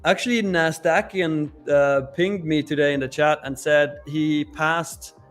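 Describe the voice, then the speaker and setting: A man's voice: a little high, steady tone, measured pace, fairly bright tone, soft background music. A man co-hosting a live trading show, talking loosely, laughing and trailing off mid-sentence. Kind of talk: casual live-stream chat.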